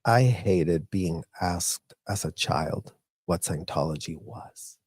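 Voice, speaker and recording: A deep, husky male voice speaks slowly in a dry, clean studio recording. He's a commentator who was once a child member of the group, and he rants angrily and profanely about his upbringing in repetitive bursts.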